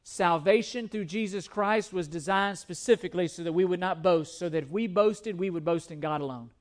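Emphatic high-voiced male preacher. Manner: emphatic, repeats words, shifts between slow reading and quick asides. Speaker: pastor. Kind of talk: sermon.

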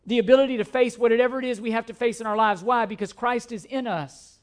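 Man, very high voice, pastor, emphatic sermon, repeats key phrases. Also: steady tone, fast talker. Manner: repetitive, emphatic preaching with scripture quotes.

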